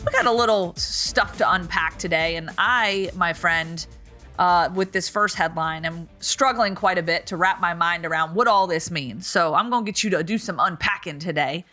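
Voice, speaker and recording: Chatty woman podcast co-host, bright tone. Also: on the low side, moderate pace, faint music behind. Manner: chatty, animated storyteller. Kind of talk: casual sports podcast chat.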